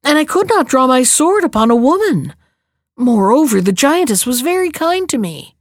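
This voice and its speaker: A woman's voice: high-pitched, very animated, normal speed, no room sound, studio quality. A woman voicing a brave young boy in a storybook reading, urgent and earnest.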